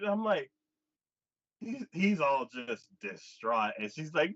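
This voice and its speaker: An anime podcast host chats casually at a moderate pace, retelling an episode and acting out the characters' lines with sudden jumps in pitch. His animated delivery comes through a dull, lo-fi, dry recording.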